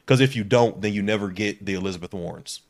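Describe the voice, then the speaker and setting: A man with a somewhat low voice co-hosts a podcast. He talks politics in relaxed, casual chat, speeding up and getting animated as he makes his points. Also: fast talker. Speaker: podcast co-host.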